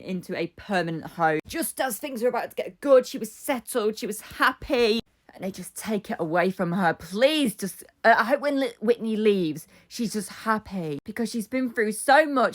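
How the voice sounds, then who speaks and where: A woman recapping a soap episode in a casual vlog, blunt, exasperated and sweary. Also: mid-range voice. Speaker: soap opera reviewer.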